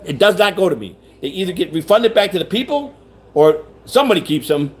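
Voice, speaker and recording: A man's voice: sits high, big pitch swings, brisk. A man hosting a rambling livestream chat, repeating himself, restarting sentences and reading viewer comments aloud. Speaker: livestream host.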